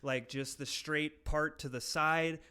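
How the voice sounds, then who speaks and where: Casual male co-host, a touch high-pitched, loose and foul-mouthed, from California. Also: steady tone, takes it slowly, bright, forceful tone, clean tone. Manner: rambling, swears freely, mimics accents for laughs. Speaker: podcast co-host. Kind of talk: casual profane chat.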